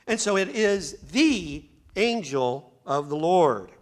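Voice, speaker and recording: A man's voice: high-pitched, very animated, slow, hardly any pauses. A male pastor preaching a sermon in a church, building to emphatic bursts and speaking straight to the congregation. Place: church sanctuary.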